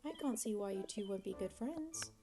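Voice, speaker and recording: A woman's voice: mid-range voice, expressive, fairly quick, close to an everyday voice. A woman putting on the voice of a cheerful, teasing middle-aged mother in a video game. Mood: doting. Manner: warm, doting and chatty. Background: game music.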